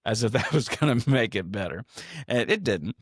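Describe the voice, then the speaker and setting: A man's voice: fairly low pitch, expressive, moderate pace, slightly rough, dry recording, clean studio sound. A man hosting a casual solo podcast, telling a rambling story with chuckles and restarts. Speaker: podcast host.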